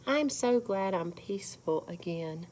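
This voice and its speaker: Slow, gentle woman reading a children's lesson. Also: mid-range voice, expressive, slight background noise. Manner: gentle, slow, guiding children through counting. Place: church.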